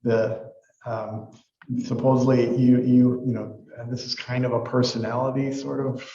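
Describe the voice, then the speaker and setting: A man's voice: medium pitch, little pitch movement, normal speed, dark tone, roomy sound, dull audio. A man giving a university psychology lecture in a casual, rambling way, full of fillers and restarts. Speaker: psychology professor.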